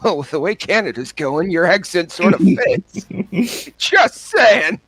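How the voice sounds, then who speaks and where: A man's voice: high-pitched, huge pitch swings, a little slow, fairly bright tone, slight background noise. A man in a casual chat making wry, dry remarks. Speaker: guest on a hobby stream.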